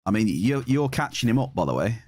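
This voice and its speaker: A man's voice: fairly low pitch, big pitch swings, a little fast. A man with an English accent chatting casually with his live-stream viewers, reading their messages aloud and cheering at big hits. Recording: game music behind.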